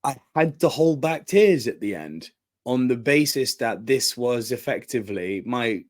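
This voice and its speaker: Excitable man reviewing wrestling. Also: unhurried. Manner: excitable, bursts into laughter and high exclamations. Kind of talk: enthusiastic review monologue.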